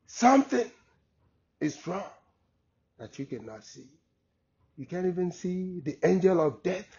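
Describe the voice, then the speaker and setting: Preacher playing a faithful, wounded talking donkey; pleading, husky and slow, on a dull lo-fi recording. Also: male voice, extremely high pitch, warm tone, full character voice. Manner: plaintive, pleading.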